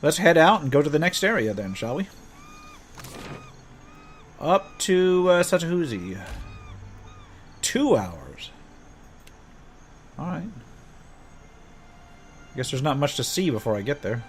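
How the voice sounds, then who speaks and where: A man's voice: a little high, sing-song, takes it slowly, pauses often. Laid-back man commenting on a game. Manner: laid-back, thinks aloud with fillers. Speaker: let's play host. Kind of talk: casual gameplay commentary, reading game text aloud. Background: game music.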